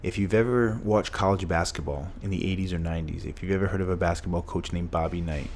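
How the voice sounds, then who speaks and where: This deep, slightly mellow voice belongs to a middle-aged Massachusetts man, a former footballer swapping stories as a podcast guest. He talks fast, over a faint hiss or hum. He's emphatic, often repeating phrases to land a point.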